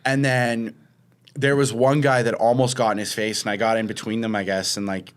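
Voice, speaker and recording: A man's voice: medium pitch, level tone, moderate pace, clean tone. A young man co-hosting a podcast, telling a long rambling story in casual chat and acting out what others said. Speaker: podcast co-host.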